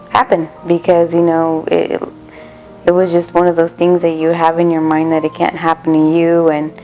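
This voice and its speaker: A middle-aged woman giving a candid, reflective documentary interview, halting now and then with fillers. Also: low-pitched, dark tone. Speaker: interviewee, mother recalling teen pregnancy.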